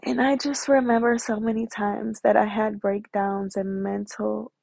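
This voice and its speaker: A woman's voice: medium pitch, level tone, unhurried, gravelly, darkish tone, no echo. A woman in her twenties candidly telling her personal story in casual, emotional talk full of slang and fillers.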